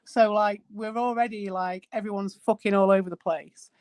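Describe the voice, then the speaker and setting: A woman's voice: mid-range voice, fairly even intonation, normal speed, a little mellow, clear, resonant tone, dry recording. A woman streamer in casual chat, blunt and exasperated, swearing a lot.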